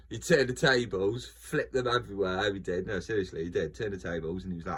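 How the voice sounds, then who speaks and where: A man's voice: on the low side, animated, brisk, fairly bright tone, slightly rough. A man talking in a casual, rambling monologue, joking, laughing often and trailing off mid-sentence. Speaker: video host.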